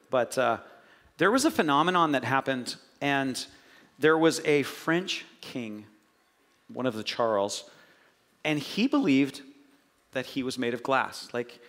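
A man's voice: mid-range voice, a bit bright. A middle-aged male pastor giving a casual, conversational sermon with self-mocking asides to the congregation. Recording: long hall reverb.

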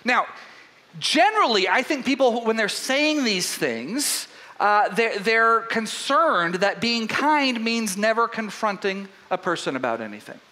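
A man preaching a sermon as pastor, telling a story in an animated way with frequent restarts. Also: sits high, measured pace.

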